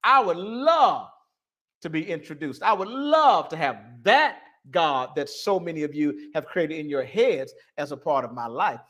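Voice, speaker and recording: Man preaching with a lively, rising voice. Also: on the high side, normal speed, hardly any pauses. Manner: preaching cadence, stressing words, repeating lines. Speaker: online talk host. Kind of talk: live-stream monologue on religion.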